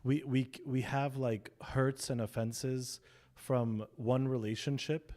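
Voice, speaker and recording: A man adds a thought in a group discussion, hesitant and full of fillers and repeats. His voice is mellow and picked up from across the room. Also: mid-range voice, fairly even intonation, slow pace. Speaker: group member.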